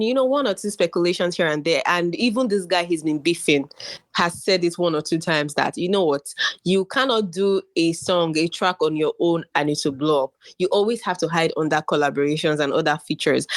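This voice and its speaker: A woman co-hosting a music podcast, bubbly and energetic, often laughing in casual chat. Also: on the low side, no echo. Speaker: podcast co-host.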